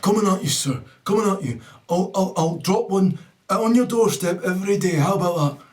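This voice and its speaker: A man's voice: high voice, normal speed, a little mellow, distant mic, pitched above the performer's own voice, natural voice. A man voicing an overly cheerful milkman eager to please. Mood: jaunty.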